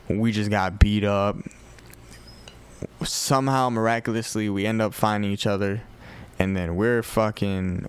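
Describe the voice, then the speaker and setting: A young man from Chicago with a Chicago accent, telling a profane, animated story on a podcast. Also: on the low side, smooth. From north side of Chicago. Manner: profane, animated retelling with quoted voices. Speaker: podcast host. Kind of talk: casual storytelling.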